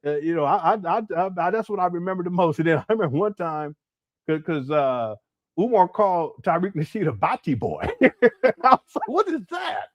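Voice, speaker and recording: A giggly, rambling man hosts a casual livestream, talking with his chat in a high, very animated voice. He keeps laughing and breaking into bits of song. The sound is close and dry. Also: a little fast, no echo. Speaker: livestream host. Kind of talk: casual live-chat commentary.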